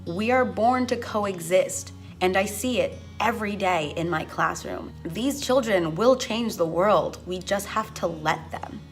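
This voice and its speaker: Soft background music accompanies a young female teacher's reflective vlog. Emotional and close to tears at times, she talks slowly, earnestly, and passionately in a medium-pitched voice.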